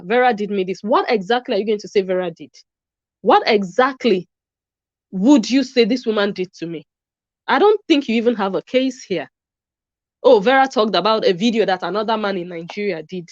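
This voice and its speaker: A woman speaks at a middle pitch as a vlog commentator, tossing out sarcastic questions. The recording is dry and a little dull, with no room sound. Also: animated, fairly quick, dry recording.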